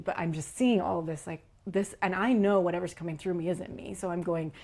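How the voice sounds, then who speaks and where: A woman, a leadership coach, telling a personal spiritual story as a podcast guest, in an animated, earnest way with many "like" and "you know" fillers. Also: fairly low pitch, fairly quick, few pauses.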